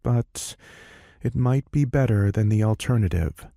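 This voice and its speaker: A man voicing a calm, capable petite young woman in an audiobook, matter-of-fact and steady. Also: on the low side, unhurried, gravelly, no room sound, clean studio sound, pitched above the performer's own voice.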